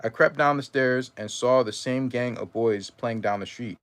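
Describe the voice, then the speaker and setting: A man at a mid-range pitch reading a first-person memoir aloud. His reading is measured and steady. Now and then he stumbles and corrects himself. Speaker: reader.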